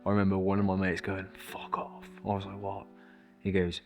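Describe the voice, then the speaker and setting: A young man with a notably deep voice, speaking casually in a documentary interview. He tells his story loosely, swearing and acting out what others said, with faint music under him. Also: monotone, quick pace, a little mellow, muffled recording. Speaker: interviewee, rapper.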